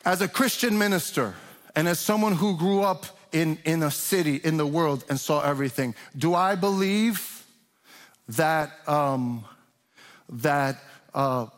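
Impassioned preacher in a reverberant hall. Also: male voice, fairly high pitch, unhurried. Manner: impassioned preaching with rising emphatic questions. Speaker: pastor. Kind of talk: sermon. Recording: long reverb of a large hall.

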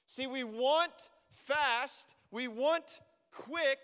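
A man preaching a sermon as a pastor, animated and acting out his own prayers to God. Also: very high-pitched, very slow. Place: church. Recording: long reverb of a church hall.

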